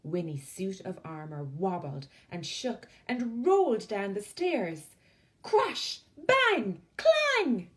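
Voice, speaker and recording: A woman with an Irish accent reading a picture book aloud to children as a library storyteller, expressive and soft on the tag lines. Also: lowish voice, slow pace, few pauses.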